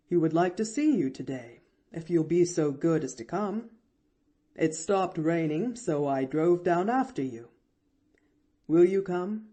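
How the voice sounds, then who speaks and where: A woman voicing a grave, kindly male country doctor who speaks gently in a storybook reading. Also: fairly low pitch.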